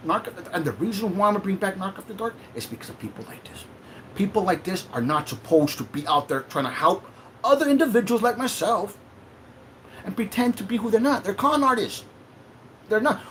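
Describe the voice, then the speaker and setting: Male livestream host, heated and swearing, slightly high voice that swings widely in pitch. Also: big pitch swings, fairly quick, fairly bright tone, slight background noise. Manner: emotional, profane, confrontational.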